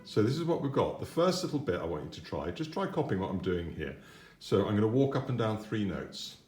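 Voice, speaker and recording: Male piano teacher for kids, low voice, patient and encouraging, roomy echo with piano playing. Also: sing-song, fairly quick. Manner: patient, encouraging, sings note patterns. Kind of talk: children's piano lesson.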